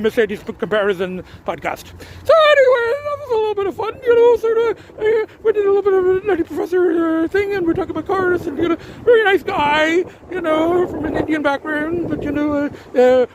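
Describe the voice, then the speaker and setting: A man's voice: extremely high pitch, animated, fairly quick, noisy background. An older man chatting casually in a vlog, rambling with lots of fillers and restarts, talking from inside his car. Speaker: vlogger. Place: inside a car at a tire shop.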